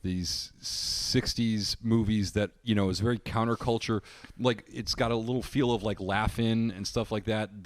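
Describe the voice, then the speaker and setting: A man's voice: on the low side, dry recording. A man co-hosting a film podcast, casually explaining movie history in long, rambling stretches. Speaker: podcast co-host.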